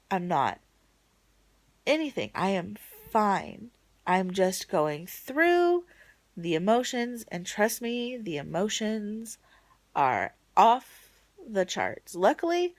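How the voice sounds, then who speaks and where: A woman vlogging a casual video diary from home late at night, rambling and emotional, swinging between bright excitement and soft low murmurs. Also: no room sound.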